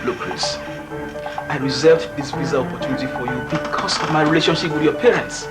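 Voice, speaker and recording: A man's voice: fairly high pitch, fairly quick, loud music behind the voice, close to an everyday voice. An actor playing a firm, impatient man who holds a visa spot for a friend's son in a film drama. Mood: stern. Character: stern man arranging a visa, losing patience. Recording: film audio with loud score.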